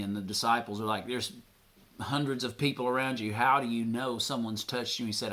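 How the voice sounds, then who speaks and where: A man's voice: lowish voice, steady tone, brisk, fairly bright tone. A middle-aged man preaching an earnest sermon as a pastor, retelling scripture scenes and quoting the speakers in them.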